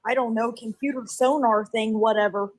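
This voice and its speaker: A woman with a fairly high voice chats matter-of-factly on an online panel, filling gaps with fillers. The sound is dry and close. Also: steady tone, normal speed, dry recording. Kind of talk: casual panel chat.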